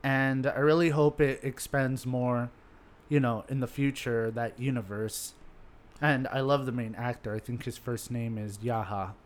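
A man's voice: medium pitch, steady tone, a little slow. A man from South Florida co-hosting a casual podcast, upbeat and giggly, leading the segments. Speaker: podcast co-host. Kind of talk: casual chat.

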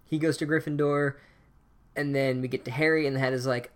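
A man's voice: mid-range voice, steady tone, brisk. A man giving a profane, sarcastic comedic recap of a book chapter, ranting as he goes.

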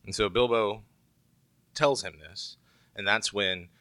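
A man's voice: lowish voice, slow, pushed and bright, dry recording. A man preaching a sermon in a conversational way, with joking asides to the congregation. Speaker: pastor.

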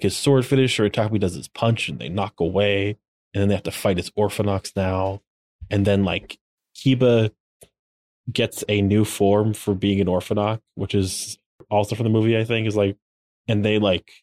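A man's voice: lowish voice, a little mellow, dry recording. A man co-hosting a podcast, retelling episode events in a loose, filler-heavy way. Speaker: podcast co-host. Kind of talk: casual episode recap.

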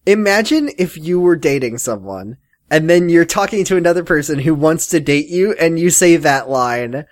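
Joking man, slightly high voice. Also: lively intonation, moderate pace. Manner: joking, swears, mocks characters in silly voices. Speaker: podcast co-host. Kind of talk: casual comedic chat recapping a show.

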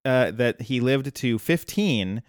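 A man hosts a podcast and walks through a cartoon episode scene by scene. His voice is smooth and resonant, recorded close and dry, with a relaxed storytelling flow. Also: medium pitch, unhurried, no room sound. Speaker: podcast host. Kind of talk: casual podcast chat.

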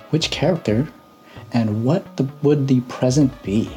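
A man's voice: medium pitch, a little slow, darkish tone, soft background music. A man co-hosting a gaming podcast, reading a listener's letter aloud in casual chat. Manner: reads listener letters aloud, laughs often. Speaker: podcast co-host.

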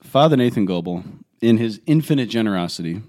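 A young man from Colorado co-hosts a relaxed podcast chat with a fairly low voice. He tells stories in an animated, self-mocking way, swinging up high when he acts out what people said and laughing along as he goes. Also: a little fast. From Colorado, USA. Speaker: podcast co-host. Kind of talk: casual chat.

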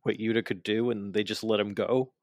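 A man's voice: lowish voice, steady tone, a little fast, darkish tone, dry recording, clean studio sound. A man casually recapping wrestling matches with a co-host, telling the action with enthusiasm and acting out the wrestlers' lines. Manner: frequent fillers and restarts.

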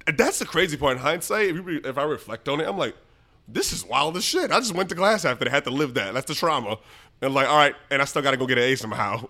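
A young man from the Bronx, telling a story as a podcast guest. He laughs often and acts out his own lines loudly. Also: a little high, expressive, fast. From the Bronx, New York. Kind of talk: animated storytelling.

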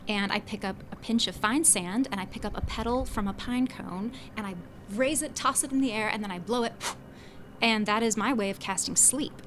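A woman in a tabletop game describes her spell casting briskly, in a middle-pitched voice. A faint hiss sits under her. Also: a bit bright. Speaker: player.

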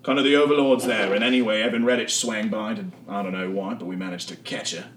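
A man voicing a rude, gruff male thug captain in a tabletop game. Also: lowish voice, fairly even intonation, fast, fairly bright tone, close to an everyday voice. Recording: echoey room, mic far off, faint noise.

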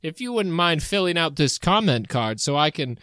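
A man's voice: a little high, big pitch swings, normal speed, a bit bright. A man playing a folksy male religious figure who talks like an upselling salesman in a comedy sketch. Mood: salesy. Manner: chatty, upselling customer-service patter.

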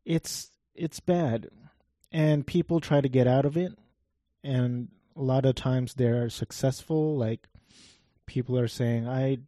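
A man giving rambling, wry gameplay commentary in a flat, monotone voice, swearing offhandedly as he talks. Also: mid-range voice, takes it slowly, no room sound, clean studio sound.

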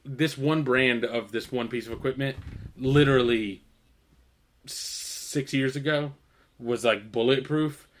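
A man's voice: medium pitch, a little slow. A man in his thirties co-hosting a podcast, ranting profanely about everyday annoyances and laughing often. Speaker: podcast co-host. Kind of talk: casual chat.

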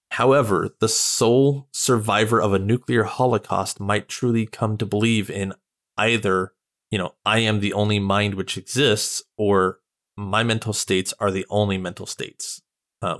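A man's voice: fairly low pitch, fairly even intonation, fairly bright tone. A man co-hosting a podcast, speaking hesitantly and reading out definitions in casual chat. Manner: halting, hesitant with restarts. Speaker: podcast co-host.

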